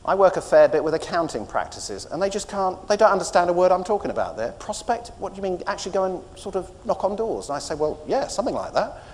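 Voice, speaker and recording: A British man giving a motivational business keynote, telling stories with animated, punchy emphasis. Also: sits high, fast talker, few pauses, long reverb tail. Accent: British English. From Britain.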